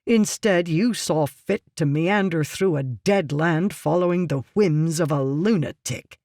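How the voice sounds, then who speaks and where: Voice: mid-range voice, a little slow, a little mellow, dry recording, clean studio sound, lightly acted. A reader doing a ruthless, scheming merchant. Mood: lecturing. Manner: curt, lecturing, condescending. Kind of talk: audiobook character reading.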